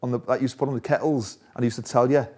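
A man's voice: mid-range voice, steady tone, racing, dark tone, husky. A man, a former footballer, telling stories in a casual interview, laughing often. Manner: chatty, laughs often, restarts phrases.

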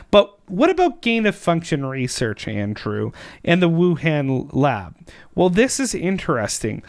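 Slow, emphatic male podcast host. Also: a little high, no echo, studio quality. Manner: emphatic, sarcastic. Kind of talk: political commentary chat.

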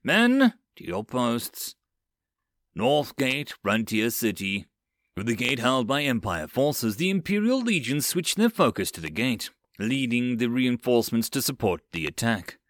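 A man narrating a web novel audiobook with expressive storytelling. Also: medium pitch, normal speed, dry recording, studio quality.

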